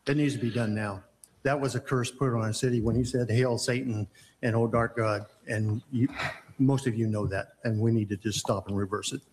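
A man's voice: mid-range voice, steady tone, moderate pace, a little mellow, long reverb tail, a little hiss or hum. A male pastor speaking earnestly and emphatically in recorded remarks. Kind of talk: recorded remarks and telling an anecdote.

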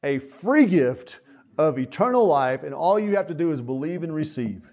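A man preaching a sermon in church, with a slightly high, earnest voice and a folksy, repetitive delivery full of fillers. The recording is dull and lo-fi, with a muffled sound. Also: animated, normal speed. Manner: earnest, folksy, repeats phrases, frequent fillers. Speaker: pastor.

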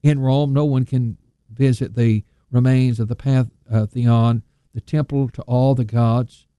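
Man, sermon, very dark mellow voice, emphatic, dry close mic. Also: medium pitch, fairly even intonation, no room sound. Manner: measured, emphatic delivery, slowing on scripture quotes. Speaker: preacher.

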